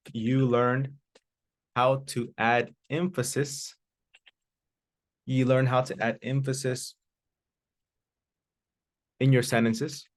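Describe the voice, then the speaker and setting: A man teaching an English class, explaining slowly and repeating each example, with Spanish translations. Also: mid-range voice. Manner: slow, deliberate repetition of examples. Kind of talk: classroom lesson.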